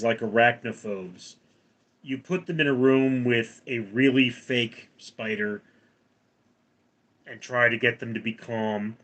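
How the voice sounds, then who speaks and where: This livestream host is a man in his forties whose medium-pitched voice has a fairly bright tone. His talk rambles as he reads audience comments out loud and responds to them.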